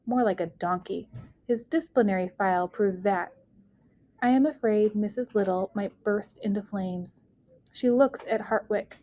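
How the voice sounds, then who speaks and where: A woman narrating a first-person audiobook in an expressive reading that speeds and slows with the story. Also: medium pitch, no echo. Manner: expressive, shifting pace with the story.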